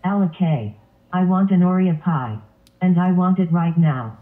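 Cartoon brat: a man doing a whiny demanding lion, high voice, tinny phone-like sound. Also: a little slow. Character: bratty demanding male lion.

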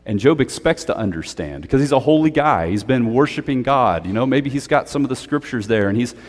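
Animated male pastor in a reverberant sanctuary. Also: medium pitch, a little fast. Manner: conversational and animated, with playful asides. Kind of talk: sermon. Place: church sanctuary.

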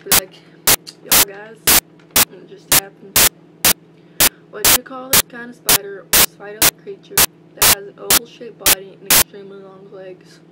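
A young vlogger from Albany, Georgia, with a Southern accent and a mid-range voice, makes a casual accent-tag video, reading a list of words and questions aloud with rambling asides. Her built-in laptop mic gives a rough recording with loud hum and static.

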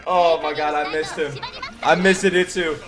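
Brief: male anime reactor, higher voice, wildly lively delivery, swears and laughs at the screen. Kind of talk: casual reaction commentary. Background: anime soundtrack music playing.

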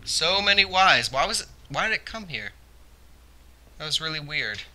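A man's voice: a little high, sing-song, normal speed, pushed and bright, slight background noise. A young man hosting a let's play, talking through the game and yelping and repeating himself when something startles him. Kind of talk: gameplay commentary.

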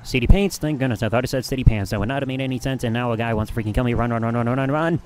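A man from Michigan giving excitable, mildly profane commentary while live streaming a video game. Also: mid-range voice, very fast. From Michigan, USA. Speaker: gaming streamer. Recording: game noise underneath. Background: game sounds.

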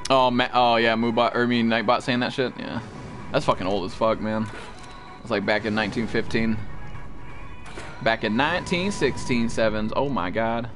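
A man's voice: medium pitch, brisk. A man streaming a survival game, swearing constantly and yelping in alarm at monsters as he chats with a teammate. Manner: excitable, swears constantly, frequent startled outbursts. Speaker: gameplay streamer. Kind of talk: profane live gameplay commentary. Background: faint background music.

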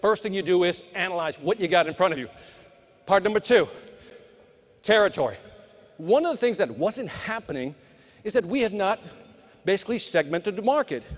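At normal speed with long pauses, a middle-aged man whose voice sits high speaks animatedly at a live sales keynote. His punchy, motivational words go directly to the crowd, echoing with long reverb in the large conference hall.

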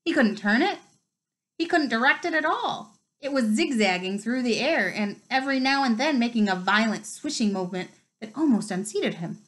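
Woman reading a novel aloud, expressive. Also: a little high, moderate pace, rough recording. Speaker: reader.

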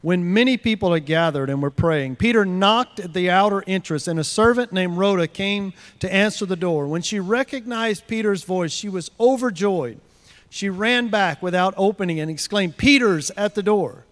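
A man with a fairly high voice preaching a measured, earnest sermon. He works through scripture with repeated rhetorical questions. The sound is close and dry, with no room echo. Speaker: guest preacher. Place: church service.

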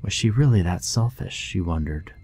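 A man narrating a horror story in a hushed, measured, scripted manner. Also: deep voice, lively intonation, slightly rough, no echo. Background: faint music.

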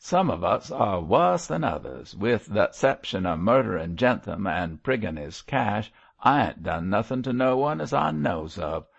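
A man's voice: lowish voice, sing-song, unhurried, creaky, hardly any pauses, exaggerated voice. A growling, surly prisoner, as a man reads him. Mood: sullen. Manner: growling, contemptuous, dropped aitches. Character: surly, defiant male prisoner, rough-spoken. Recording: muffled lo-fi recording.

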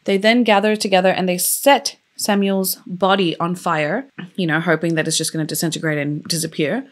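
A woman's voice: fairly low pitch, fairly even intonation, moderate pace. Chatty, emotional woman telling a story. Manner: chatty, loose, many fillers; openly emotional about the story. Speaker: true crime YouTuber. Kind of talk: casual storytelling.

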